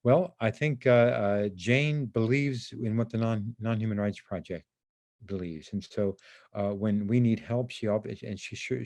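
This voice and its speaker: An older man with a fairly low voice, recorded dry and close on a video call. He talks haltingly, repeating and restarting his words as he goes. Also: darkish tone, dry recording. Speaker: animal rights lawyer, guest. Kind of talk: casual conversation.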